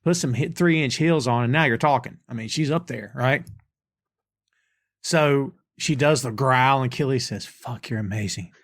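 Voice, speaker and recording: Reviewing a TV episode on his podcast, a man chats casually and recounts scenes line by line in a conversational manner. He talks a little slowly in a mid-range voice, captured dry at studio quality.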